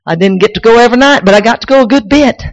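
A woman preacher, shouting and crying out in a sermon, then telling folksy stories with many restarts. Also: a little high, racing, muffled recording. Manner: folksy storytelling with repeats and restarts. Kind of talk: sermon with personal testimony.

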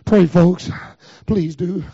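A fervent preacher with a high-pitched voice, his revival sermon rising from hushed murmurs into shouted cries. The recording is dry and a little dull. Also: steady tone, slow pace, breathy edge, no room sound. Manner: fervent, breaking into shouted cries, then dropping low.

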